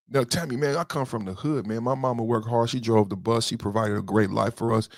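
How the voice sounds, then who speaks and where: This podcast host has a voice on the low side and is clearly worked up, cursing through livestream commentary and circling back over his points. He addresses commenters directly, and the recording is close and dry, with no echo.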